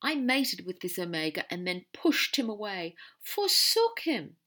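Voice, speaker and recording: A woman's voice: mid-range voice, very animated, a little slow, sharp tone, pitched above the performer's own voice, heavily acted. A woman reading aloud and voicing a theatrical young man who declaims clumsy verse to win back his mate. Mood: declaiming. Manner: showy, declaiming.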